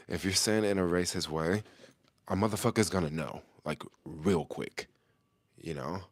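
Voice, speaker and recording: A man's voice: deep voice, measured pace, no room sound. A middle-aged man talking casually to the camera in loose, slangy street talk, chuckling often as he answers a viewer's question.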